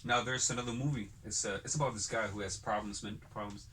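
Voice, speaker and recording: A man's voice: fairly low pitch, steady tone, quick pace, a bit bright, slight background noise. A man hosting a casual podcast chat, telling long rambling stories full of cursing. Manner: rambling profane storyteller.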